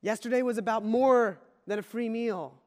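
A man's voice: very high voice, fairly even intonation, normal speed, in a large hall. A man preaching a conversational sermon as pastor, often repeating key phrases.

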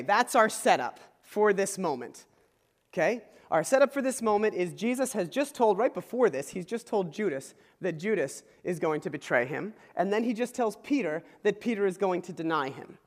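A man preaching a conversational sermon, informal and explanatory, checking in with his listeners and chuckling as he explains. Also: high-pitched. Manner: informal, checks in with "okay?" asides. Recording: long hall reverb.

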